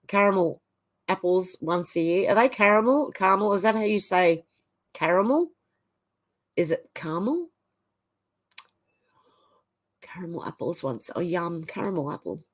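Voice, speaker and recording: A woman hosting a livestream, reading out viewer comments and chatting back in a casual way. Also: on the low side. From Australia. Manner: chatty, reads viewer comments aloud and reacts. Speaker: livestream host. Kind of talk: reading out live chat comments.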